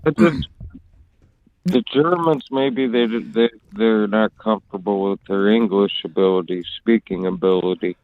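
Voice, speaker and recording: A man's voice: fairly low pitch, measured pace, dry recording, phone-quality sound. A man chatting on a podcast in a laid-back, dry way. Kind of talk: casual chat.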